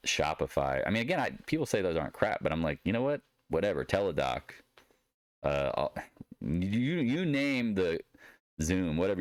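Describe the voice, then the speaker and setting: Blunt, sarcastic deep-voiced man. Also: dry recording. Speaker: market commentator. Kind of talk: solo market recap commentary.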